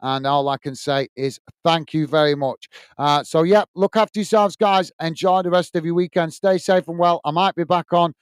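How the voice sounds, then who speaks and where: A man's voice: a little high, moderate pace, clean tone, dry recording, clean studio sound. A man from the UK hosting a casual livestream, reading out viewer comments and giving friendly sign-offs with lots of fillers. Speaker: livestream host.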